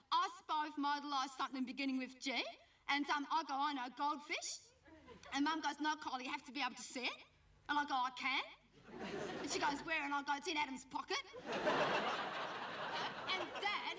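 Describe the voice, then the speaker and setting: A woman's voice: high-pitched, natural voice. A woman with an Australian accent playing a bratty, cheeky teenage schoolgirl who rambles gossipily in a whiny, sing-song, nasal voice and mimics the people she talks about. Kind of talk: comic monologue to camera. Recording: noisy old TV recording from a distant mic.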